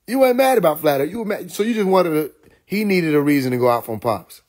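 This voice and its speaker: Husky man ranting on a live stream. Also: moderate pace, pauses often. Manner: animated, laughs often, mimics others in higher voice. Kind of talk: casual live-stream monologue.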